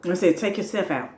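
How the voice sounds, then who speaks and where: Chatty woman giving advice while eating. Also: lowish voice. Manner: relaxed, chatty, repeats points, laughs between lines. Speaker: mukbang vlogger. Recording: echoey room with faint noise.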